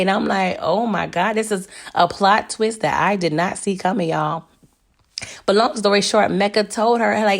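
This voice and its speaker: A woman with a strained, hoarse voice chatting casually through a TV episode recap, animated and laughing often. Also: mid-range voice. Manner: animated, laughing, talks to viewers as "y'all". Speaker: TV recap reviewer.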